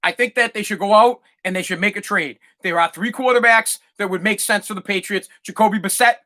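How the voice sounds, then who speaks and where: A fired-up man rants through a solo sports podcast. His voice is bright and edgy, and he swears freely and trips over his own restarts as he talks. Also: high-pitched. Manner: fired-up, swearing, repeats himself. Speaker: podcast host.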